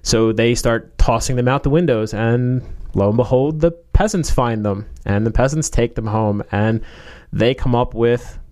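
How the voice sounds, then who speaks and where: A man's voice: medium pitch, unhurried, few pauses, darkish tone. A man in casual chat, rambling through a story with many fillers, restarts and joking asides.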